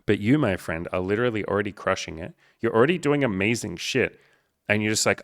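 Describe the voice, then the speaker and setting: A man's voice: fairly low pitch, fairly quick, no echo, clean studio sound. A man who coaches on dating, talking bluntly and emphatically with lots of swearing as he answers a viewer.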